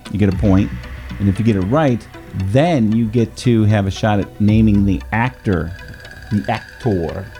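A man's voice: on the low side, measured pace, warm tone, soft background music. A man hosting a casual movie-quote trivia game, explaining the rules at length and laughing easily. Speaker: quiz host.

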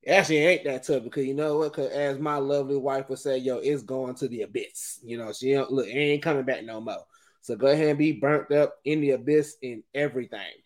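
A middle-aged man hosting a podcast and talking through a rambling, animated, casual monologue, often laughing. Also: mid-range voice, fast talker. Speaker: podcast host.

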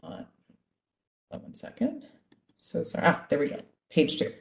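A woman teaching an online Bible class, talking in a lively way and checking in with "right?" over and over. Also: sits low, a little slow, gravelly. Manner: lively, asks "right?" often. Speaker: Torah teacher. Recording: echoey room.

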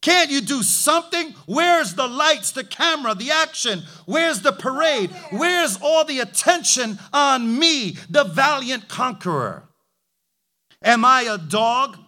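Brief: a proud, indignant general with a high, tense voice, put on by a preaching man. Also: expressive, slow, pushed and bright, heavily acted. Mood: demanding. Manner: indignant, demanding respect.

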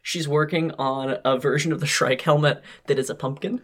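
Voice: medium pitch, steady tone, moderate pace. A player in a tabletop game who jokes and banters with the table. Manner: joking, laughs often. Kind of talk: casual actual-play chat.

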